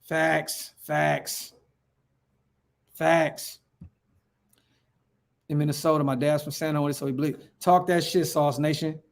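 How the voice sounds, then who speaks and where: Hosting an easygoing fan livestream, a man from Northern California reads out comments with hype and slang, often repeating himself. He talks slowly in a fairly high, level voice with vocal fry and long pauses.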